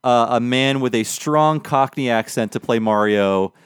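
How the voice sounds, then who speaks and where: A man talks casually as co-host of a podcast about old cartoons, tossing in quick jokes and asides. His voice sits at a middling pitch. The recording is close and dry, with no room sound. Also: clean tone, no room sound. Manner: chatty, jokey, quick asides.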